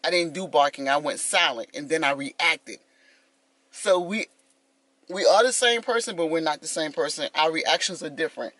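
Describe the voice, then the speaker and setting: A woman's voice: deep voice, moderate pace, a bit bright, dry recording. A woman in her fifties talking casually to her vlog viewers, telling a story with lots of animation and calling them y'all. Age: 50s. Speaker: vlogger.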